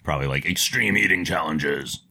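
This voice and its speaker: Deep-voiced male podcast host. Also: fairly quick, creaky, slightly rough. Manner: relaxed, laughs easily, leads the segments. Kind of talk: casual chat. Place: studio.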